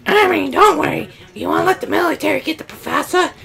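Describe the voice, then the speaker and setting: An earnest young boy in armor, as a woman plays him, high and gravelly with a heavy creak. He reads game dialogue in a light fan-dub manner, joking between lines. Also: quick pace, fairly bright tone, soft background music, exaggerated voice.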